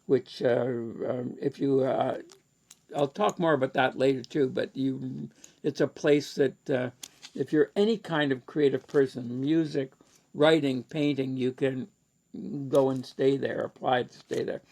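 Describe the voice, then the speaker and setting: Man, Canadian accent, rambling lecture anecdote, gravelly, unhurried. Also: mid-range voice, steady tone, a little mellow. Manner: rambling, many fillers and restarts. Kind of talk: casual storytelling lecture.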